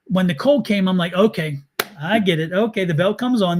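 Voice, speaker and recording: A man with a notably high voice tells a story in a loose, chatty way. He acts out his own reactions and laughs easily as he talks. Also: brisk, noisy background. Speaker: tarot reader and host. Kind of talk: casual storytelling chat.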